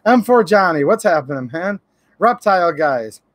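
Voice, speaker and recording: High-voiced man chatting with viewers. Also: sing-song, normal speed, a bit bright, no echo. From Michigan, USA. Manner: friendly, greets viewers by name, opinionated. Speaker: YouTube channel host. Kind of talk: casual livestream chat reading viewer comments.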